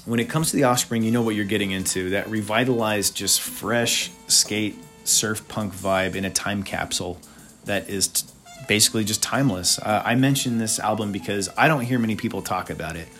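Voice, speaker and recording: A man's voice: on the low side, a little fast, a bit bright, faint music behind. A man hosting a casual podcast, talking through albums in a laid-back, chatty way with lots of filler uhs and opinionated asides. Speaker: podcast host. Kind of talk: casual music review monologue.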